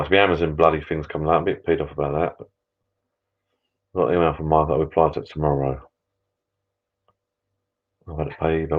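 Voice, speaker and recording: A man hosting a live stream from his backyard pub shed, chatting and grumbling in a rambling, self-interrupting way. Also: rumbling low. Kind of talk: casual chat with viewers. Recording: dull lo-fi live stream audio.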